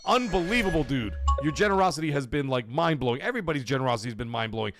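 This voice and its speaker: A man in his thirties hosting a live gaming stream, chatting and reading viewer super chats, breaking into loud excited shouts. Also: mid-range voice, racing, over music. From Canada. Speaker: host of a gaming livestream.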